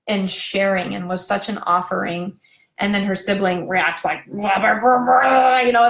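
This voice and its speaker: Gushing woman with a gravelly voice. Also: medium pitch, fairly bright tone, roomy sound. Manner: chatty and gushing, wanders off on tangents. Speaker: parenting coach hosting a live video talk. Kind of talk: casual live-stream chat.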